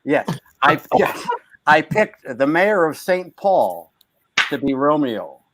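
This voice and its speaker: A man's voice: on the high side, big pitch swings, takes it slowly, a bit bright. A man from Buffalo, a guest telling a joking, self-deflating story. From Buffalo, New York.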